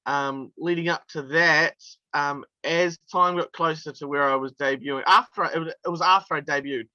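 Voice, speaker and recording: A man's voice: a little high, fairly even intonation, moderate pace, bright, forceful tone, no echo, highs cut off. A male wrestler from New telling stories in a casual interview, chatty and laughing through his anecdotes with plenty of fillers. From New Zealand.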